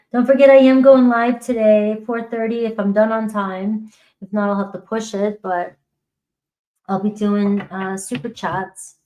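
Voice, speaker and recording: A woman's voice: medium pitch, darkish tone, lo-fi sound. A woman giving a casual tarot reading to camera, chatty and laughing often. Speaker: tarot reader.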